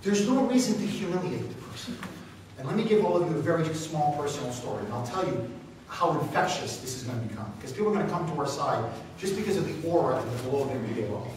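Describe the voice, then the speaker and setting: A man who hosts a radio talk show speaks to a meeting. He tells stories with passion and rises to loud exclamations. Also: mid-range voice, animated, fast. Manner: impassioned storyteller, rising to loud exclamations. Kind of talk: speaking to a meeting, answering questions. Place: meeting room. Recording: echoey hall, speaker far from mic, faint noise.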